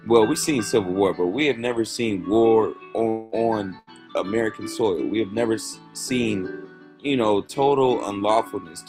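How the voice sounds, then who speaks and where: A man in casual commentary, talking loosely in slang and reading scripture verses aloud. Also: fairly low pitch. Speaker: host.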